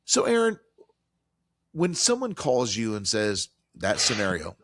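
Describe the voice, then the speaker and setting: A man with a very low, deep voice hosts a financial talk show. He keeps it conversational and animated, slipping into quoted voices as he walks through the scenarios. The sound is dry and close, with no room echo at all. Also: measured pace. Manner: animated, acts out landlord and tenant quotes. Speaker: radio show host.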